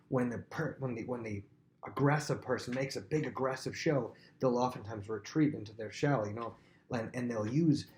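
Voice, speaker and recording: A man's voice: mid-range voice, a little mellow. A man teaching a casual Bible lesson in a conversational, rambling way, thinking aloud as he goes.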